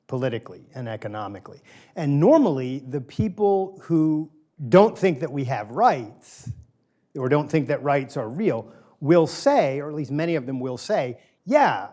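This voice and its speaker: In a small room before a live audience, a middle-aged man with a warm voice on the high side gives a conversational lecture to a small group. He polls the listeners and repeats key phrases for emphasis.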